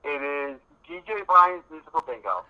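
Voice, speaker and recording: A man calling in on a tinny phone line, his voice a touch high for a man. He talks fast and sounds encouraging. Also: expressive, a little hiss or hum. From Massachusetts. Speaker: caller. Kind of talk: phone call to a live show.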